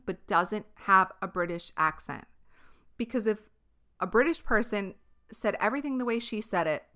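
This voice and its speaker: A young New York woman with a New York accent hosts a podcast, her medium-pitched voice smooth, bright and pushed. It's a casual solo monologue, frank and chatty, packed with fillers and the occasional swear word.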